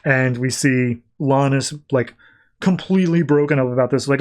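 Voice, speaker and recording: A man's voice: medium pitch, animated, moderate pace. A man hosting a podcast, recapping and reviewing comics in a loose, rambling way, often quoting characters offhandedly. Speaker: podcast host.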